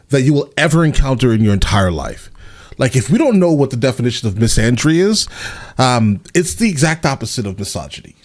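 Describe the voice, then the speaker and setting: A man hosting a reaction channel, commenting casually to his viewers and often calling them "guys". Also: mid-range voice. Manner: talks straight to viewers, repeats "guys", quick asides.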